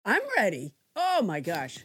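A woman's voice: fairly low pitch, huge pitch swings, unhurried, a bit bright, slightly rough, dry recording, clean studio sound. A woman hosting a comedy podcast, sentimental and self-mocking. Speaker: host.

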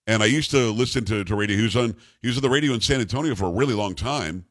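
A radio talk show host with a bass voice tells stories on air in a casual, joking way, animatedly doing voices for the characters in them. He talks very fast into a studio microphone, and the recording is dry.

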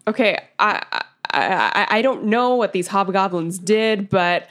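A woman's voice: mid-range voice, a little slow, a bit bright. Hesitant woman at a tabletop game. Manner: hesitant, stammering restarts. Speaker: player. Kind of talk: casual tabletop play.

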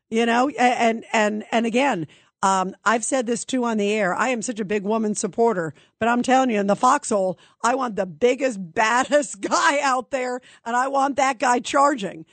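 A woman's voice: on the high side, moderate pace, no echo. A woman hosting a political call-in radio show, talking emphatically with a conversational flow and frequent fillers. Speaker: radio talk show host.

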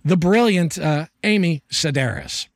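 Jokey middle-aged podcast host, dry sound. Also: male voice, on the high side, expressive, a little slow, dry recording. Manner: jokey, playful, theatrical asides. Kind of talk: casual podcast chat.

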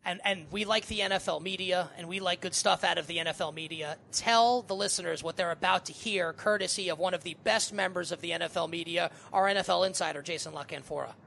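Fast, bright, gravelly-voiced man co-hosting. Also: sits high, a little hiss or hum. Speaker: podcast co-host. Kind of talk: casual sports podcast chat.

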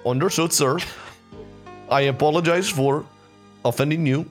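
A man's voice: on the high side, moderate pace, soft background music, voice pushed up, close to an everyday voice. A man playing a polite, apologetic customer service agent with a put-on Indian accent.

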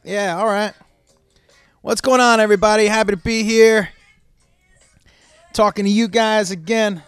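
A touring performer chatting casually in a hotel room, his voice hoarse and rough as if he had been smoking, talking in a rambling, self-mocking way. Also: high voice, fairly even intonation, a little slow, no room sound, soft background music. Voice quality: rough, smoky-sounding. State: hoarse, lost voice. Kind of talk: casual vlog chat.

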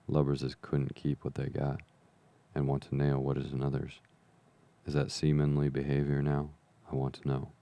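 A man reading the part of a sick old pirate sea captain, feeble and weak, pleading and grumbling in rough sailor's slang. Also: extremely low pitch, mellow, lo-fi sound. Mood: blustering. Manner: rough sailor's slang, begging then blustering.

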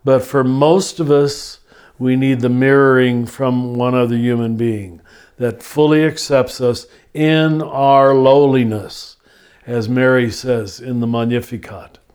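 A man speaking as a spiritual teacher in a reflective conversation, thoughtful and soft-spoken. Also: mid-range voice, steady tone, takes it slowly, clean tone.

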